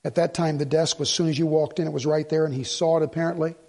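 A man's voice: on the high side, fast. A man preaching as a pastor, telling stories animatedly and acting out both sides of a conversation. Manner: animated storytelling, acting out dialogue. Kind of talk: sermon.

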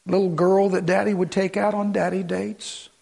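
A middle-aged man preaching a sermon as pastor, moving from hushed prayerful lines to urgent appeals. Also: high-pitched, flat delivery, moderate pace, gravelly, slightly rough.

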